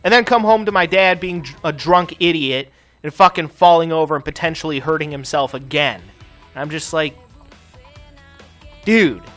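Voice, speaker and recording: Profane ranting man, bright forceful voice. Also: a little high, normal speed, soft background music. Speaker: gaming channel host. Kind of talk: casual chat while playing a game.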